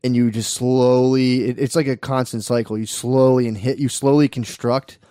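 A man in casual podcast chat, telling animated stories full of swearing. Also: medium pitch, normal speed, no echo, clean studio sound.

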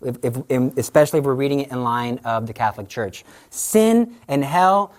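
A woman's voice: a bass voice, animated, normal speed, darkish tone. A woman giving a conversational religious talk to an audience, telling stories with animation and acting out the voices she quotes. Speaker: Catholic speaker on the rosary.

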